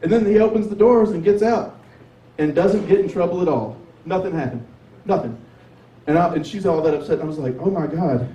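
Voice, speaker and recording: A Southern man doing stand-up at an open mic, his voice high-pitched but dark and mellow in tone. He talks in a loose, drawling way and swears freely. He is heard from across an echoey bar, with a faint hum of the room behind him. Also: brisk, distant mic. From Tennessee. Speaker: stand-up comedian. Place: sports bar with a light crowd. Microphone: 360 camera from across the room.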